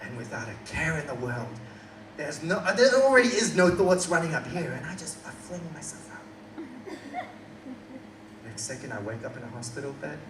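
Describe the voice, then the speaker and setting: A young man with an Australian accent works the crowd during a stand-up story at a little indoor coffee shop. His voice is on the high side and expressive, at a moderate pace with many pauses. The background is noisy, and the live room recording is roomy and distant, with ambience and laughter.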